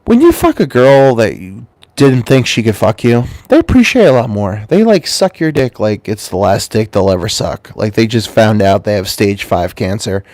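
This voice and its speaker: A man with a stuffy, congested voice rambles through a crude, profane comic monologue. His voice sits low but leaps up wildly, and he mumbles and then gets loud. The recording is dry and close, with no room sound. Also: sing-song, moderate pace, no echo. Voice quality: stuffy-nosed. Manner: loose, swearing, swings between mumbles and loud jumps. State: has a cold, congested. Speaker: channel host.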